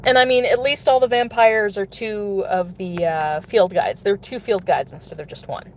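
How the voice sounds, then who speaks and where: A chatty woman with a voice of ordinary pitch, talking to her viewers while she plays a game in a parked car. She giggles often and talks loosely. Faint car noise runs underneath. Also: steady tone, moderate pace. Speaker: mobile game streamer. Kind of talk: casual live-stream chat while playing. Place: in a car, pulling over.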